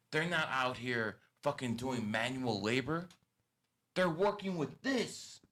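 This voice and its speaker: A man's voice: medium pitch, a bit bright. A man hosting a podcast, giving blunt and profane advice in a lecturing tone. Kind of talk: casual podcast talk.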